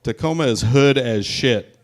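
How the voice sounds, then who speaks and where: A brash young man tears through a stand-up set, swearing freely and firing jokes at the crowd. He is from the Pacific Northwest, and his voice sits at an ordinary middle pitch. He works a live room in a brewery. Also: measured pace. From Pacific Northwest, USA. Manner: crude, brash, profane, punchy delivery. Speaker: stand-up comedian.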